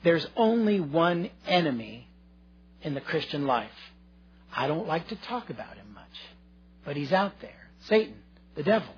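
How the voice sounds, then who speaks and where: A man's voice: fairly high pitch, sing-song, measured pace, lo-fi sound, slight background noise. A male pastor preaching a sermon, earnest and conversational, addressing his listeners directly.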